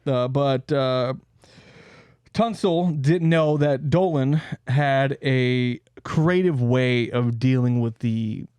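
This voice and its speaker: A man's voice: medium pitch, slow, darkish tone, clean tone, dry recording. A man hosting a podcast, telling a story in casual chat, laughing often, swearing and joking around.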